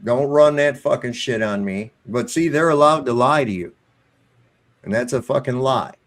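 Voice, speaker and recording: A man's voice: mid-range voice, moderate pace. A man commenting on a panel in a blunt, heated way, swearing freely. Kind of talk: casual panel discussion.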